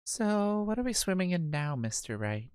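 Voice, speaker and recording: A woman's voice: lowish voice, very animated, normal speed, a little mellow, clear, resonant tone, dry recording. A woman voicing a cheerful, curious young female assistant, playful and questioning.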